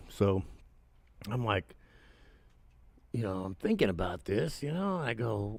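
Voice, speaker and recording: A man's voice: lowish voice, big pitch swings, takes it slowly, gravelly, long pauses, a little mellow, dry recording. An older man, a former actor, telling stories in a casual interview, rambling and profane, acting out other people's lines.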